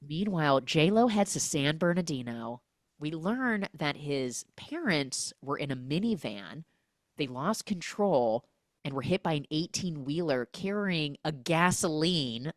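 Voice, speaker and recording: A woman podcast host tears through a film recap, throwing herself into each character's lines with big swings of pitch. Her voice sits on the low side, and the recording is dry and up close. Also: dry recording. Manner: animated, acts out characters' lines in quick voices.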